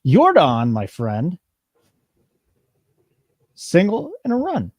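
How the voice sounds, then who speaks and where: Animated man talking baseball bets. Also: sits high, slow, dry recording, clean studio sound. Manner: animated, teasing, reads chat comments aloud. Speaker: co-host of a live sports betting show. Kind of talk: casual live-stream banter.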